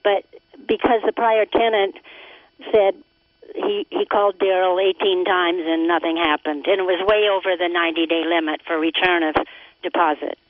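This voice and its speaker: A woman's voice: on the low side, fairly even intonation, moderate pace, no echo. A woman calling in to a radio show, telling her story in a chatty, earnest way. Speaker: caller. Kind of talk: phone-in conversation. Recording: tinny dry phone line.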